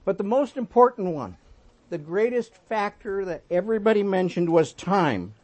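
A sixty-something man delivers a sermon with a naturally high voice. He tells folksy stories and moves between emphatic exhortation and quiet, gentle asides. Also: expressive, moderate pace. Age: 60s. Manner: folksy storytelling, swinging between emphatic and soft. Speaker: pastor.

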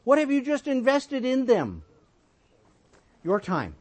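High-voiced man in his sixties preaching. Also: huge pitch swings, slow pace. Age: 60s. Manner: folksy storytelling, swinging between emphatic and soft. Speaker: pastor. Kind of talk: sermon.

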